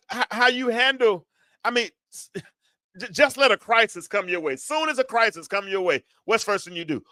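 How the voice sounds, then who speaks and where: Male preacher, rises from reflective to fervent, bright and higher pitched. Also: expressive, dry recording. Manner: rising from quiet reflection to loud, drawn-out exhortation. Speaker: preacher and show host.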